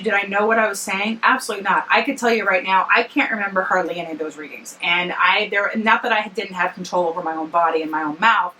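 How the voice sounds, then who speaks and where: A woman's voice: mid-range voice, pushed and bright, slight background noise, low-quality recording. A woman in her forties vlogging tired after work, telling a personal story in a rambling, self-correcting, chatty way. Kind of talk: casual personal storytelling to camera.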